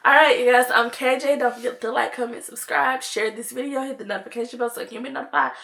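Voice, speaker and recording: A woman's voice: on the high side, steady tone, fast, gravelly, a bit bright. A young woman, chatting to viewers in a casual storytime vlog, full of "like" and "y'all". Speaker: vlogger.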